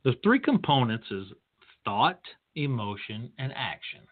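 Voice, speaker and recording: Slow, tinny-sounding male podcast host. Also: medium pitch, very animated. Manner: deliberate, lecturing storyteller. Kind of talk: career advice monologue. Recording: tinny phone-line sound.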